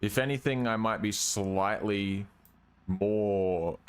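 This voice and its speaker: This young gaming streamer from Western Australia talks slowly in a smooth, lowish voice with a working-class Australian accent. During casual gameplay chat over a driving game, he rambles, hesitates, and tails off with "I don't know."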